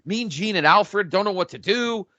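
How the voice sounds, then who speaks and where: A man talks in excited casual chat, narrating an imagined match like a breathless play-by-play and swearing freely. His voice is bright and forceful and sits a little high. The recording is dry and somewhat dull, like lo-fi home podcast audio. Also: normal speed, no room sound. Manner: animated, profane play-by-play storytelling. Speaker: podcast co-host.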